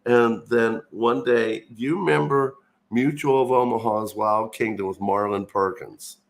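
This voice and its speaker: An older man shares a long, wandering childhood story on a live stream chat. His voice sits at an ordinary pitch and he talks in loose, unhurried asides, restarting sentences as he goes. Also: steady tone, gravelly. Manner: rambling anecdotes with restarts.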